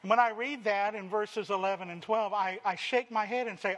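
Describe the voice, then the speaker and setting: Preaching in a voice that sits high with a steady tone, a man acts out the lines he quotes. He shifts from loud emphasis to hushed phrases that he draws out.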